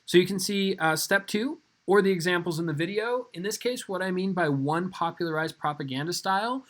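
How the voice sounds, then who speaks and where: A male teacher in his thirties walks students through an assignment in a recorded video lesson. His voice sits a little high for a man, and he keeps the delivery casual and upbeat, speaking straight to the class. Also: expressive, fairly quick, a bit bright.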